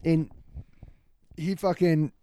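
A man in his thirties telling a story in casual chat, animated and heavy with profanity. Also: fairly high pitch, slow pace, no room sound.

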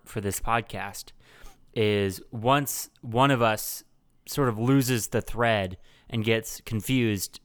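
A man's voice: fairly low pitch, a bit bright, clear, resonant tone. A young man hosting a casual comedy podcast, joking and self-mocking and often laughing. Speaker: podcast host.

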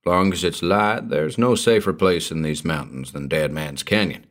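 In a slow, rustic drawl, a man plays a superstitious old hermit from the backwoods, his voice repeatedly sinking to a hushed, ominous register. His pitch sits low.

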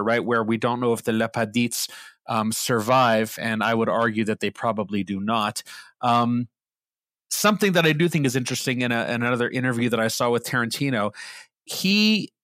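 A man's voice: medium pitch, fairly bright tone, no echo, studio quality. A man from Pittsburgh co-hosting a podcast, chatting about a movie in a slightly professorial way. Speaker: podcast co-host. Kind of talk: casual movie discussion.

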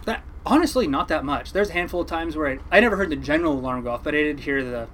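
A man telling a casual story about captaining a fishing boat, animated and swearing casually. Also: on the high side, very fast, slight background noise, poor audio. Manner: animated, mimics people in quotes, swears casually.

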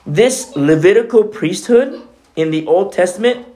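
A man's voice: sits high, lively intonation, unhurried, warm tone. A man preaching a sermon as co-pastor, talking in a conversational way with many asides.

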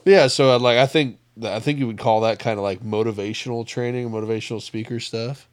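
A man from the Midwest, chatting casually as a podcast co-host and telling stories in an animated way. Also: medium pitch, a little fast, no room sound, clean studio sound. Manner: animated storyteller, laughs often. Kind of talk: casual chat.

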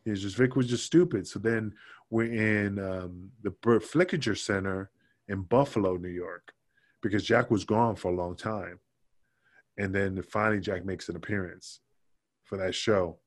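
Jumping into other people's voices and cursing as he quotes them, a podcast guest spins a casual, animated backstage story. His voice runs low, and the sound is dry and close with no echo.

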